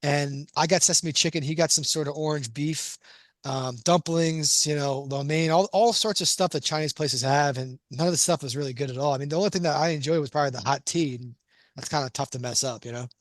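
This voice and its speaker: Quick-talking teasing man podcast co-host. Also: on the high side, no room sound, studio quality. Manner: quick, teasing, laughing banter. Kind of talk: casual chat.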